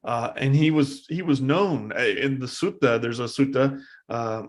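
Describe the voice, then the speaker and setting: Casual male dharma teacher telling a story. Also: medium pitch. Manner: casual and halting, with many fillers. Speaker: meditation teacher. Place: live meditation service.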